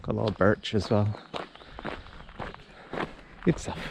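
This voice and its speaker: A Scottish vlogger in his thirties offers casual walking commentary on a lochside hill trail, relaxed but a bit out of breath from the climb. He speaks slowly, his voice on the low side. It's an outdoor phone recording with clear background noise of wind and rural ambience.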